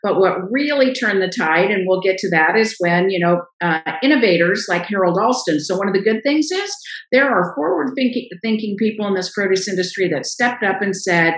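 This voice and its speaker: Middle-aged woman guest, lively storyteller, roomy echo on the voice. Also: medium pitch, brisk. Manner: animated storyteller, acts out quoted voices. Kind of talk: casual interview storytelling.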